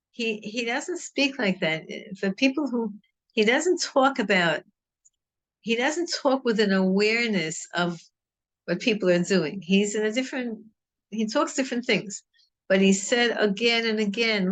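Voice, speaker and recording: A woman's voice: mid-range voice, normal speed. A middle-aged woman teaching a Torah class in an earnest, rambling way, with many restarts. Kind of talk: informal Torah talk.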